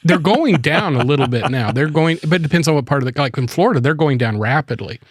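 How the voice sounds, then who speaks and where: A man's voice: a little high, animated, fast talker, husky. A man, a pastor, chatting casually with playful, pushy banter. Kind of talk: casual chat.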